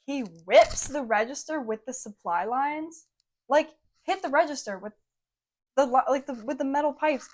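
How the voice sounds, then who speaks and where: A young woman co-hosting a podcast, telling a story in a casual, animated way and saying "like" often. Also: high-pitched, moderate pace. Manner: animated storytelling, heavy use of "like". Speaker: podcast co-host.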